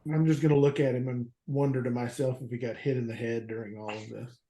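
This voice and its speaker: Dark-voiced man playing, roomy sound. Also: mid-range voice, little pitch movement, fast talker. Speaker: player. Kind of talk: casual game talk.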